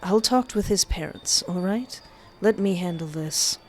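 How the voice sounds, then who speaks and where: A woman plays a tired male teacher in a game, calm and weary, speaking slowly. Faint music sits behind. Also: lowish voice, close to an everyday voice.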